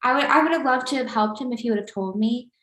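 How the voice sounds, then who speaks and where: A woman's voice: a little high, fast talker, fairly bright tone. Rambling young woman in an echoey room. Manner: rambling, filler-heavy storytelling. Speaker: podcast co-host. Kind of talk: casual chat. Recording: roomy echo.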